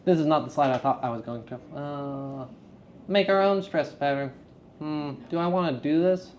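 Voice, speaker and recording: A man lecturing acting students at a school workshop, animated and playful, leading them in call-and-response drills. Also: a little high, normal speed, lo-fi sound, background noise. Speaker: acting teacher. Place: school theater festival workshop room.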